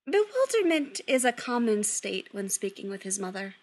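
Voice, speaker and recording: A woman narrating a story aloud in an expressive, lively reading. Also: medium pitch, normal speed.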